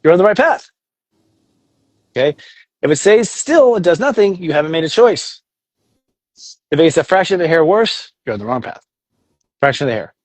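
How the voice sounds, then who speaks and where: A man talking casually as a guest on a podcast, animated, often acting out inner voices in quotes and swearing now and then. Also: fairly high pitch, normal speed, long pauses, no room sound. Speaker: astrologer guest.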